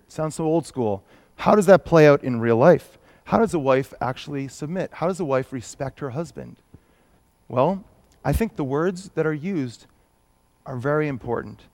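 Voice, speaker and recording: A man's voice: fairly high pitch, darkish tone, no echo. A man, preaching a sermon in a conversational, self-deprecating way. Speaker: pastor.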